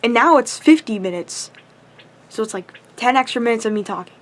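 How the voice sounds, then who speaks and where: A young woman with a high voice vents to her camera in a long, impassioned rant. She sounds tired and up too late, and her frustration spills out in constant swearing. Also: lively intonation, brisk. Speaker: vlogger. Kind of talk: ranting to camera.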